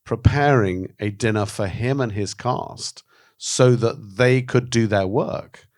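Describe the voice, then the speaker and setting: Low-voiced man, frank and animated. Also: slow. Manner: frank and animated, swears, acts out quoted voices. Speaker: documentary filmmaker, interviewee. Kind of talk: candid interview talk.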